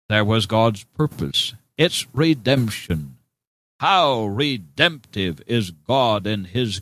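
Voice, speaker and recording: A man preaching in a slow, deliberate cadence, his bright voice swinging widely in pitch as he presses each point. He sounds earnest and emphatic, leaning on the listener directly. The sound is dry and close. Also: no room sound. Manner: addresses listener as "my friend". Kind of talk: radio sermon.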